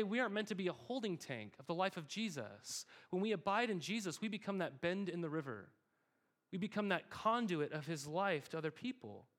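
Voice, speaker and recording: A young man preaching with a notably high voice. He keeps things conversational, asking the congregation questions and answering them himself. He leans on repeated phrases for emphasis. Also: a bit bright. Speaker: pastor. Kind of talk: sermon.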